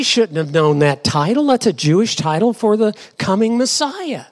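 A man's voice: high-pitched, sing-song, normal speed. A male pastor preaching a sermon to his congregation in church, dramatic and full of rhetorical questions.

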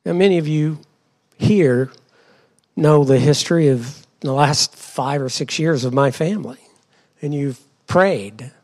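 A man's voice: a little high, unhurried, a little mellow. A male pastor preaching a sermon to his congregation in church, dramatic and full of rhetorical questions.

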